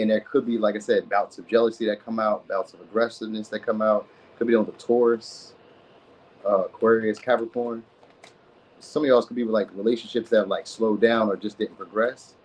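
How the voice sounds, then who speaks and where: A man's voice: on the low side, steady tone, quick pace, a little mellow, slightly rough, low-quality recording. A man hosting a live tarot reading, chatting loosely with viewers in slang and saying "you know what I mean" a lot. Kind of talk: casual live-stream chat.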